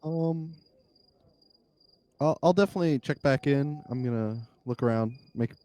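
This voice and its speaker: A man's voice: mid-range voice, moderate pace, mellow, smooth, no echo. A man speaking as his character in a tabletop game, casual and a little hesitant. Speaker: player.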